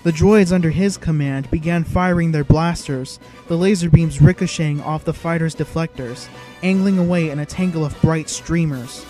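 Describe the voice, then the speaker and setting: A man's voice: a little high, moderate pace, mellow, faint music behind. A man giving dramatic, vivid scripted narration of an audiobook.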